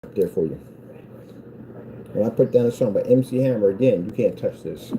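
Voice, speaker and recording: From his workshop, a man who runs a small business rambles casually in a vlog, his voice lowish, dark and a little fast. The audio is poor, with some hiss or hum, as he mocks his haters in a taunting sing-song.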